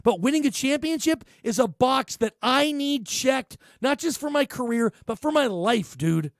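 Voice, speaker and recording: A man's voice: very high voice, animated, normal speed, dry recording, clean studio sound. A man voicing a grown male pro basketball star, talking in an earnest first-person plea and repeating himself. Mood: earnest, pleading.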